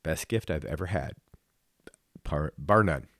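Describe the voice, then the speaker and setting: A man with a deep voice tells a personal story on a casual talk show, reflective and emotional. He halts often and restarts his sentences. The recording is close and dry, with no room sound. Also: a little slow, fairly bright tone, no echo. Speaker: podcast co-host.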